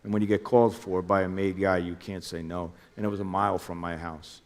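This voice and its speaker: Former undercover officer, middle-aged man with a deep voice, lively retelling. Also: fairly quick, in a large hall. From New Jersey. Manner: animated, acts out phone calls in quoted voices. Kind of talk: interview storytelling.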